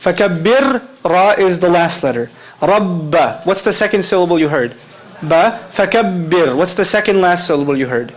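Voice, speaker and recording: Animated high-pitched man lecturing. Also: normal speed, poor audio. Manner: animated, asks the audience questions, laughs often. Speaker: Islamic lecturer. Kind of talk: lively lecture to a live audience.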